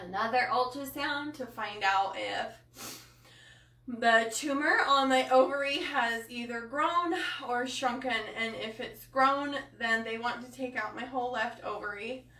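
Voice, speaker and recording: Passionate woman live-streaming, bright and roomy. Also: sits high. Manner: passionate and emotional, with many fillers. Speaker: coach hosting a live body-image training. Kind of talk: live-stream talk to viewers. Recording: roomy sound from a distant mic.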